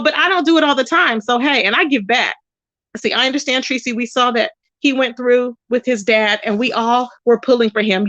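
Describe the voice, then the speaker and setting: A woman's voice: high-pitched, fairly bright tone, no room sound. A woman hosting a casual livestream, talking to viewers and reading their comments aloud. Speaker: livestream host.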